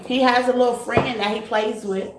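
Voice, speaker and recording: A woman's voice: on the high side, fairly even intonation, moderate pace. A woman hosting a tarot live stream, chatting casually and greeting her viewers with terms like baby and honey. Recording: echoey room, faint noise.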